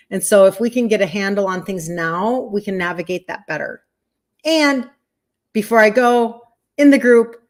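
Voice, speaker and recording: A woman in her fifties with an American accent, hosting a live stream as a health coach, chatting casually, laughing often, answering viewers by name. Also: mid-range voice. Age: 50s. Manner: chatty, rambling, quick laughs, talks straight to viewers.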